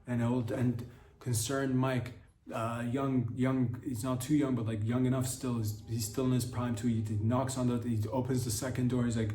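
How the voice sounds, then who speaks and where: A man hosting a podcast, telling a crude comedy story in a rambling, profane, deadpan way. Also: medium pitch, normal speed. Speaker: podcast host. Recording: roomy echo.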